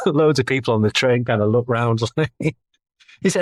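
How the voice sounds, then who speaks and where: A man's voice: medium pitch, brisk, no echo, clean studio sound. A middle-aged man, talking as a guest in a casual podcast interview, chatty and self-deprecating. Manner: chatty, self-deprecating, laughs between thoughts.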